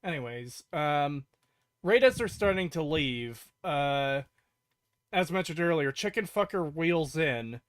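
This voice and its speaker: A man's voice: on the high side, animated, slow pace, no room sound, clean studio sound. A man hosting a casual podcast, blunt and profane as he rants about what annoys him. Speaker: podcast host. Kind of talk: casual chat.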